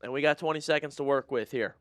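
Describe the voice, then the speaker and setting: A man doing live play-by-play for a fan watch-party stream, swinging between shouted calls and low, disgusted muttering. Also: quick pace, no room sound, studio quality, soft background music.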